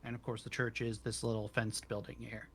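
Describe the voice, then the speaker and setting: A man running a tabletop game as game master, narrating scenes in a descriptive, unhurried way over a voice call. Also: medium pitch, level tone, breathy edge. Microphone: headset or desk mic on a voice call.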